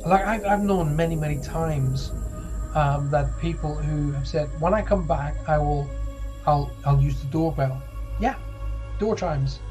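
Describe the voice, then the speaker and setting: A man's voice: a little high, darkish tone, low-quality recording. A British man hosting a live late-night radio talk show, chatting in a rambling, self-deprecating way with lots of fillers. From United Kingdom.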